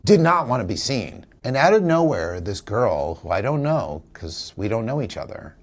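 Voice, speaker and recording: A man's voice: mid-range voice, big pitch swings, moderate pace. A man in an interview, telling a personal story in an earnest, reflective, emotional way. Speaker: actor, interview guest; father and teacher. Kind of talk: candid conversational storytelling.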